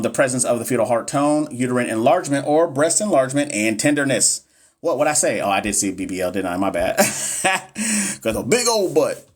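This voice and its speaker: Man, 30s, livestream exam tutor, chatty, joking, talks to the chat. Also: mid-range voice. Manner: chatty, joking, reads questions aloud to the chat. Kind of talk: casual livestream teaching.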